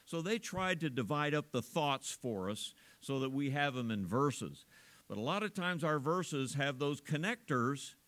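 A man's voice: expressive, unhurried, fairly bright tone. Folksy preacher man, chatty and rambling. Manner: folksy, rambling, chuckles often; stresses small words with big pitch swings. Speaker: pastor. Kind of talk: sermon.

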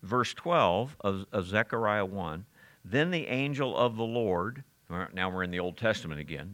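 A man's voice: mid-range voice, very animated, measured pace, a bit bright. A man teaching the Bible verse by verse, talking conversationally and asking his listeners questions as he goes. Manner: conversational, with frequent restarts and audience questions.

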